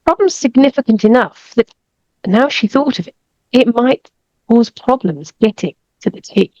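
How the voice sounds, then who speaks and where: A woman author improvising a story, measured and building suspense. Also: a little high, expressive, darkish tone, no room sound, dull audio.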